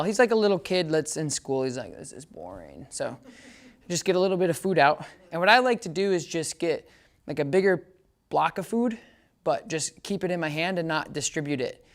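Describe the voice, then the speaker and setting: A man teaching dog training in a relaxed demonstration. He explains each step casually and often checks in with the listener. His short commands to the dog come out bright and encouraging. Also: a little high, brisk. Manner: chatty, keeps checking understanding. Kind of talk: casual hands-on training demo.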